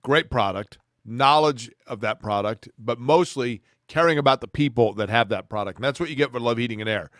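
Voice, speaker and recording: Man co-hosting sports talk, measured pace, dry close mic, does ad reads. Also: medium pitch, a bit bright, no echo. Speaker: sports show co-host. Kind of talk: casual sports talk and live read ads.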